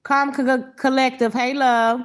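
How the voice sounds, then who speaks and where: A woman hosting a live stream, reacting to clips and chatting with viewers in a blunt, profane, animated way. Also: high voice, a little slow. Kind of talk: casual live-stream commentary.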